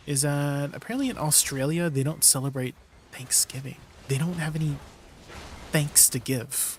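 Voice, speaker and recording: A man's voice: fairly high pitch, moderate pace, a little hiss or hum. A man streaming a game, chatting casually with his viewers in an easygoing way, with plenty of fillers. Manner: chatty and easygoing, many fillers, laughs often. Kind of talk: casual livestream chat with viewers.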